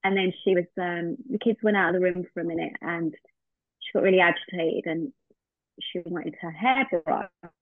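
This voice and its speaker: A podcast guest shares a heartfelt personal story, slipping into the remembered dialogue as she goes. Her voice sits a little low for a woman. The sound is dry and thin, like a phone line. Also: moderate pace, no room sound.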